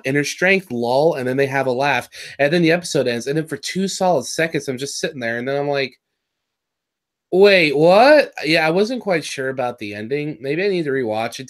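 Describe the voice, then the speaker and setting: A man's voice: fairly high pitch, a bit bright. A man co-hosting a casual episode review, rambling and correcting himself as he recaps and jokes. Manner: rambling, self-correcting, jokey. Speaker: podcast co-host.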